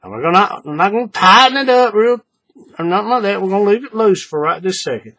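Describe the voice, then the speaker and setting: Husky man talking through a craft demo. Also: high voice, fast. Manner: relaxed, repetitive, often checks the viewer follows. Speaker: crafting tutorial host. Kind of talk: casual step-by-step demonstration.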